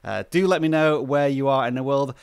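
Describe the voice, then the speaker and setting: A man's voice: medium pitch, fairly quick, gravelly, clear, resonant tone, no echo. A man from the UK hosting a casual live stream, chatting and greeting viewers by name at a close microphone. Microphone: close desk microphone.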